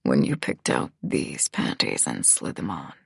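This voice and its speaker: A woman voicing a domineering male mafia boss who speaks in low, slow, growled whispers. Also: big pitch swings, vocal fry, a bit bright, slightly rough, no room sound, clean studio sound, full character voice. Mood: growling commands.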